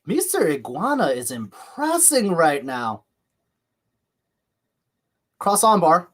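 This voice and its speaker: A man's voice: on the high side, huge pitch swings, slow pace. A man hosting a live watch-along stream with a slight lisp, chatting casually while calling the action and reading viewer comments. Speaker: livestream host.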